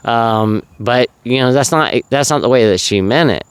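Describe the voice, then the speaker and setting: A man's voice: medium pitch, moderate pace, hardly any pauses, clear, resonant tone, no echo. A man giving casual, earnest advice as a vlogger, rambling and full of fillers. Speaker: vlogger sharing recovery advice.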